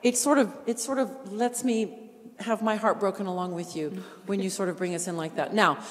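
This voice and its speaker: A woman teaching a vocal masterclass, encouraging and animated, acting out lines and singing short examples. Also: mid-range voice, fairly quick, in a large hall. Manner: lively, encouraging, acts out lines and sings examples.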